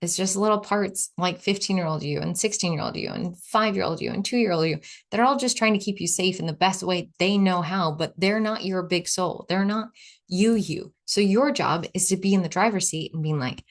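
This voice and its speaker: Woman podcaster just talking it through, kinda low voice, lots of "like". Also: normal speed. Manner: chatty, lots of "like", acts out quoted inner voices. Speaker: podcast host. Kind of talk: solo reflective podcast talk.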